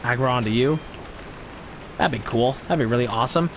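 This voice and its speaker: A man's voice: mid-range voice, brisk, vocal fry, long pauses, a bit bright, a little hiss or hum. A man streaming a video game, ranting at enemies in a profane, exasperated way and sounding frustrated. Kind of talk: live gameplay commentary.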